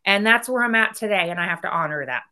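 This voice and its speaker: A woman executive being interviewed, talking candidly and energetically in quick bursts that often trail off. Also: mid-range voice, expressive, sharp tone. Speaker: guest, company executive. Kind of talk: casual interview talk.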